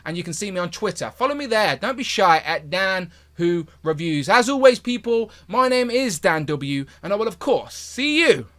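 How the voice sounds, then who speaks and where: A man hosting a toy review video, talking in an enthusiastic, chatty way with a hoarse voice. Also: high voice, animated, normal speed, few pauses, fairly bright tone. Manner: enthusiastic, chatty, repeats pleas to viewers. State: hoarse, losing his voice. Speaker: toy review channel host.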